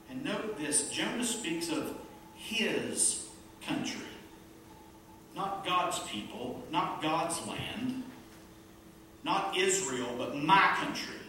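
A pastor delivering an emphatic sermon to a small congregation, with a bright, forceful voice, peppering the talk with rhetorical questions and playful asides. The sound is very echoey and picked up from a distance, with faint noise underneath. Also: mid-range voice, lively intonation, measured pace.

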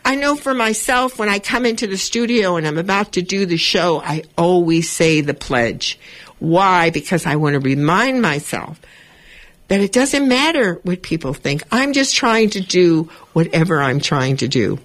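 A woman hosts a community radio show, speaking from the studio straight to her listeners. She talks in an animated, chatty way. Her monologue stays encouraging and self-affirming throughout. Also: lowish voice, normal speed.

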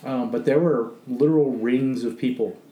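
A man's voice: medium pitch, moderate pace, mellow, roomy sound, a little hiss or hum, rough recording. A man co-hosting a podcast, talking bluntly and swearing freely in casual chat. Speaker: podcast co-host.

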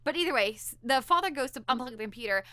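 A woman with a high, bright, forceful voice talks fast through a plot recap, full of fillers and quick restarts. The sound is dry and close, with no room around it. She sounds like a podcast co-host in casual chat. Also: no room sound. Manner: animated, talkative, lots of "like" and restarts.

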